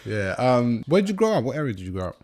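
Laughing comedian, lively pitch. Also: male voice, quick pace. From South East London. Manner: laughs often, jokey and animated. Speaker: stand-up comedian. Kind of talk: casual chat.

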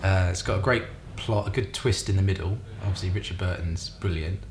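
A man's voice: sits low, fairly quick. A Scottish man co-hosting a podcast, chatting casually in a laid-back way, chuckling and trailing off mid-sentence. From Scotland. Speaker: podcast co-host. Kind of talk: casual chat. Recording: roomy echo, faint ambient noise.

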